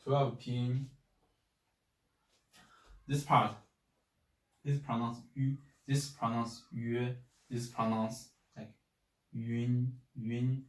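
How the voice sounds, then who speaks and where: A Chinese language teacher, a native Chinese speaker, gives a slow spoken lesson on pronunciation, patiently repeating each syllable several times. His medium-pitched voice is steady and extremely slow, with long pauses. The recording is reverberant and poor, captured from a distant mic.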